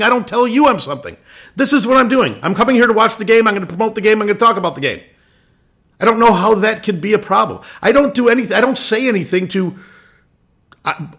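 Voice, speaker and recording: A man's voice: high voice, bright, forceful tone, husky. A man hosting a lacrosse show, ranting bluntly with swearing and restarts, irritated. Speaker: lacrosse podcast host. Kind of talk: opinion rant.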